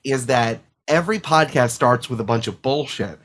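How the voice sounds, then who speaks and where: A man's voice: medium pitch, normal speed, fairly bright tone. Rambling, jokey podcast host man. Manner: rambling, jokey, swearing freely. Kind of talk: casual podcast chat. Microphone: remote call microphone.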